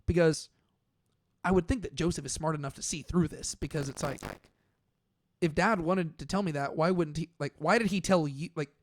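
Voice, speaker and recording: A young man co-hosting a casual Bible study talk, conversational and animated, with lots of filler "like"s. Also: a little high, normal speed. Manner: conversational, uses many "like"s, animated when paraphrasing. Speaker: podcast co-host.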